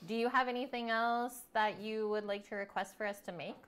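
A woman's voice: fairly high pitch, steady tone, a little fast, a bit bright, a little hiss or hum. A woman hosting a live cooking stream, chatting casually and reading out viewer comments as she tastes food at home. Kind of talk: casual chat while eating.

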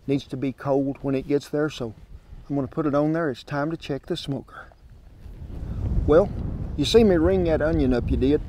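A man's voice: on the high side, normal speed, long pauses, mellow, slight background noise. A man with a Southern American accent hosting an outdoor cooking show, chatting in a homespun way to the folks watching. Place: outdoors at a smoker grill. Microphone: wireless clip-on mic.

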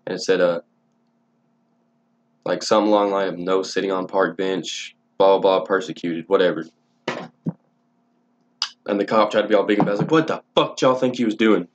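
A young man with a fairly low voice tells a story casually, rambling and swearing with plenty of false starts. The sound is dull and lo-fi. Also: fairly quick, pauses often. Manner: rambling, profane, frequent restarts. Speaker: vlogger.

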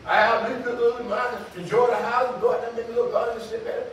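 An older man preaching a sermon as pastor, in a folksy call-and-response way that breaks into shouts. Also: very high voice, level tone, quick pace, slight background noise. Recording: echoey hall from far off.

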